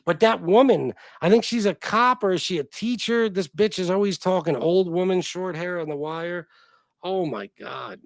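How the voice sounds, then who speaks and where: Guy, livestream host, swears a lot, rambles, a touch high, dry close sound. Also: normal speed, creaky, dry recording. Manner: profane, rambling, animated reactions. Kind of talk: casual livestream chat reading comments.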